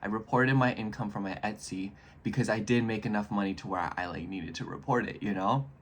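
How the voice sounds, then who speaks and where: A man in his twenties chatting casually in a vlog, rambling and animated as he speaks straight to his viewers. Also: fairly low pitch, a little fast. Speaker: astrology YouTuber.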